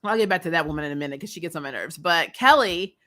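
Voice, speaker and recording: Recapping a TV episode in a relaxed, chatty style, the female host sprinkles in fillers and little laughs. Her voice sits on the low side yet sounds bright, expressive and a bit tense, and she comes across as plainly exasperated and opinionated.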